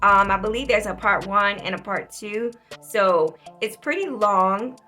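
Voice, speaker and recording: A woman's voice: mid-range voice, a little slow, pushed and bright, soft background music. A woman hosting a reaction video, chatting casually and speaking straight to her viewers. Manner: chatty, addresses the audience directly.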